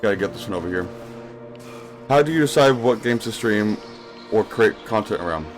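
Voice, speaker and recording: A man's voice: on the low side, animated, moderate pace, faint music behind. A young man streaming a game live, rambling casually and answering questions from his chat as he plays.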